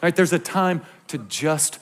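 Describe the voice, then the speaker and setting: Male pastor with a high, raspy-edged voice, preaching and swinging between hush and shout, joking asides. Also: measured pace. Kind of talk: sermon to a congregation.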